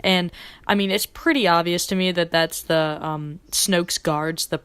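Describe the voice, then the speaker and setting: A woman's voice: fairly low pitch, fairly even intonation, unhurried, fairly bright tone, smooth, dry recording. Young woman hosting a chatty podcast. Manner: rambling, with fillers and restarts. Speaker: podcast host. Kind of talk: casual podcast chat.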